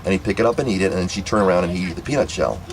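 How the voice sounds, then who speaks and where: Low-pitched man, casual rambling storyteller, faint noise behind. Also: racing, rough recording. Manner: rambling, repetitive, many restarts. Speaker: vlogger telling a family story.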